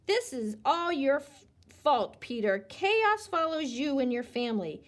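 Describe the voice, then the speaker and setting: A woman's voice: sits high, very animated, a little slow. A woman doing a haughty, grumpy teen girl. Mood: scornful. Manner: scolding, superior.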